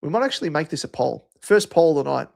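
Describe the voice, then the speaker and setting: Chatty gravelly Australian man. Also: on the high side, animated, fast. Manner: chatty, matey, addresses viewers by name. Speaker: livestream host. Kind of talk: casual chat reading viewer comments.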